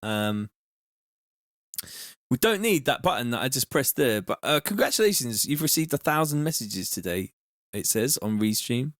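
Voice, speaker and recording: A relaxed man with a London accent talks through a live music-production stream in easy, slangy chat. His voice sits at an ordinary middle pitch. The sound is dry and close, with no room around it. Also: moderate pace, no room sound. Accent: London English. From England. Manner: laid-back, slangy, thanks viewers warmly. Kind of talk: casual livestream chat.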